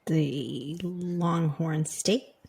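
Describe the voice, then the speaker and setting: A middle-aged woman, mother of the host, co-hosting a podcast with playful, drawn-out guesses. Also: low voice, fairly even intonation, gravelly, darkish tone. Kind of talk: casual chat.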